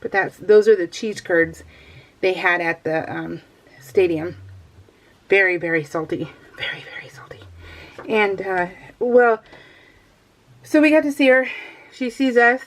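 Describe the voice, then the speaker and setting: A woman's voice: medium pitch, unhurried, pauses often. A middle-aged woman chatting casually to viewers while she crafts, rambling and laughing often. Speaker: crafting vlogger.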